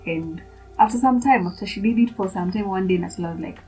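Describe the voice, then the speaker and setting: A woman's voice: mid-range voice, fast, dark tone, soft background music, rough recording. A young woman hosting a podcast, talking in a chatty, rambling way full of fillers as she shares a casual devotional. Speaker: podcast host.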